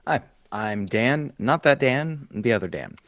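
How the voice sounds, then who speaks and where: A man introducing himself as a tabletop player, halting with lots of ums and a dry sense of humor. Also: medium pitch, animated, no echo. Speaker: player and podcaster. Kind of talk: casual chat over an online call.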